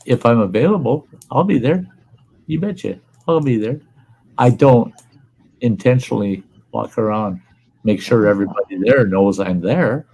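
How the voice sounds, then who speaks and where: A man's voice: medium pitch, moderate pace, mellow, husky, rough recording. An older man, hosting a casual chat and talking bluntly and plainly, swearing freely. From Upper Midwest US. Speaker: livestream host.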